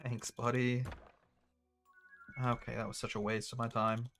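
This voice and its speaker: A young man casually commentating his own gameplay, thinking out loud with a wry, chatty manner. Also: medium pitch, little pitch movement, measured pace, vocal fry, soft background music. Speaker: gaming streamer. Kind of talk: casual let's-play commentary.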